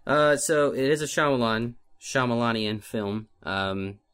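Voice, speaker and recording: A man's voice: medium pitch, unhurried, a bit bright, clear, resonant tone. A man co-hosting a casual movie podcast, rambling and self-deprecating with many fillers. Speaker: podcast co-host, film list maker.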